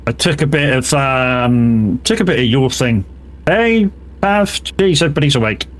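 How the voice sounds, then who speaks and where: A man's voice: mid-range voice, fairly quick. A man, chatting casually and swearing freely with his viewers while driving in a game stream, laughing often.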